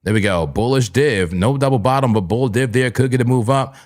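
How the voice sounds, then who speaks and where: A man hosting a live trading stream, calling out trades in a hyped, playful way with sudden high, excited bursts. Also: brisk. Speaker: livestream trading host.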